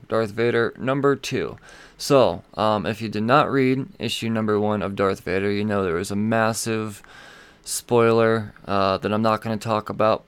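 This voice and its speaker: A man with a lowish, smooth and resonant voice hosts a podcast. He rambles through casual chat, swearing freely and filling pauses with ums and uhs. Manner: rambling and profane, with frequent fillers. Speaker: podcast host. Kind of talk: casual comic book news chat.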